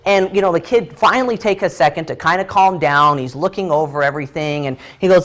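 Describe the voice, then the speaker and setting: A man's voice: fairly high pitch, fairly quick, hardly any pauses, a bit bright. Male trainer, freestyle storytelling, chatty, lots of ums and restarts, training room. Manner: loose and chatty, many fillers and restarts.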